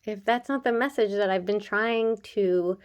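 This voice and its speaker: A woman of middle pitch talks through an oracle card reading in a relaxed, chatty way. She addresses the viewer directly, earnest and reassuring, with light fillers and the odd laugh. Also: measured pace, clear, resonant tone. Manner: earnest and encouraging, speaking straight to the viewer. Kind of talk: casual card reading to camera.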